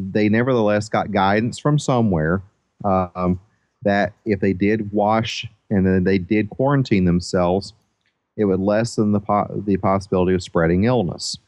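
Low-voiced man explaining scripture. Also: darkish tone, dry recording, muffled recording. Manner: measured, explanatory, with some hesitation. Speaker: biblical scholar. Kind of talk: casual podcast discussion.

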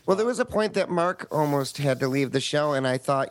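A man's voice: a little high, lively intonation, brisk, hardly any pauses, no echo. A man co-hosting a comedy podcast, chatting casually in a campy way and reeling off trivia. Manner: campy, detail-obsessed trivia talk. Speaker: podcast co-host.

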